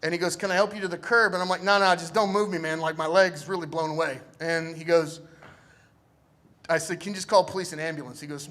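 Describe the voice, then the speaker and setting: A man's voice: a little high, steady tone, fast talker, fairly bright tone. A young man telling a personal story to a live audience, laid-back and joking, acting out the people in it. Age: young adult.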